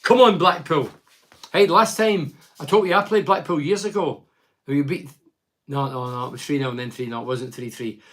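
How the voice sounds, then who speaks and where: A man's voice: a little high, normal speed, fairly bright tone. A middle-aged Scottish man hosting a casual phone-in chat, reading out listener messages and answering bluntly. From Scotland. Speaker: radio phone-in host.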